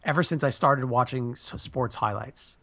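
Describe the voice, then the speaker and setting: A man's voice: mid-range voice, normal speed, creaky, a bit bright. Earnest man laying out a sports gripe. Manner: earnest, explains his pet peeves at length. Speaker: podcast co-host. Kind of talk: casual sports chat.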